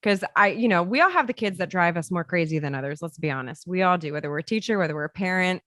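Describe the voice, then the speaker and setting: A woman hosting a podcast, chatting casually as a parent, slow and measured with frequent chuckles. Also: on the low side, lively intonation, a bit bright, no echo, studio quality. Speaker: podcast host. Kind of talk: casual interview talk.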